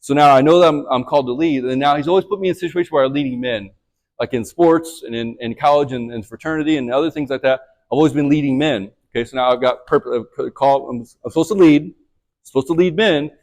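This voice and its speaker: A man's voice: medium pitch, fast, darkish tone. A man leading a men's church group, teaching a lesson and sharing his own testimony in a conversational way, often checking in with "right?".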